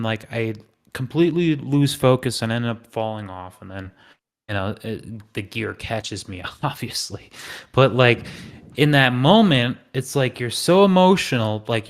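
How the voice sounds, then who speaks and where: A man hosting a live trading stream, talking casually and acting out panicked traders' thoughts. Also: mid-range voice. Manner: animated, acts out panicked inner voices.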